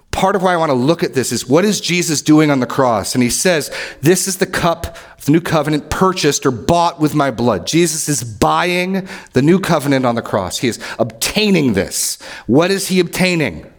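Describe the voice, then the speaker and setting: A man preaching an expository sermon, earnest and emphatic, repeating key lines and dropping low and quiet to stress a point. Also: animated, moderate pace. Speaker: pastor.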